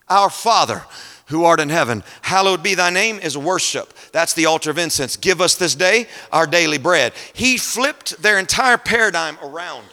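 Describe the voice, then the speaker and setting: A man's voice: fairly high pitch, animated, normal speed. Male preacher in a reverberant hall. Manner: dramatic, swings between quiet scripture reading and loud emphatic storytelling. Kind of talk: sermon. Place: large conference hall.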